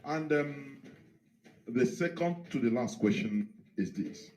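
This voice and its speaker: A male interviewer asking a long question in a measured, hesitant way, played from an archived radio show. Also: medium pitch, expressive, darkish tone.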